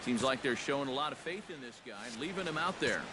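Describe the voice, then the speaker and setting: Brisk male baseball play-by-play caller. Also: medium pitch, crowd noise. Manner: brisk, even play-calling. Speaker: play-by-play announcer. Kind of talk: video game baseball commentary.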